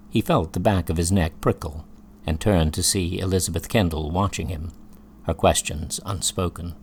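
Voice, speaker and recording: A man reading an audiobook in a slow, measured storytelling voice. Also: low-pitched, steady tone, a little mellow, slight background noise. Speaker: audiobook narrator. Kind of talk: scripted audiobook narration.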